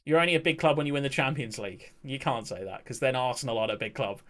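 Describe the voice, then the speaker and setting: A man's voice: mid-range voice, fast, fairly bright tone. A young man, streaming a game live and bantering with his chat in a casual, joking way, swearing now and then.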